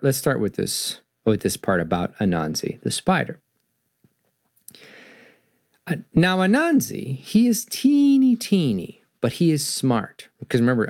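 A man hosting a talk show, reading stories aloud and explaining what they mean in an animated way. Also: lowish voice, vocal fry, no room sound, studio quality. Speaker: podcast host. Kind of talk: storytelling and philosophy talk.

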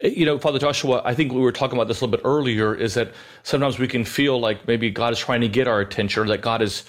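A man's voice: mid-range voice, fast. A male radio host guiding a call-in show, speaking with sympathy to the caller and passing questions to the priest. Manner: warm, sympathetic, moderating.

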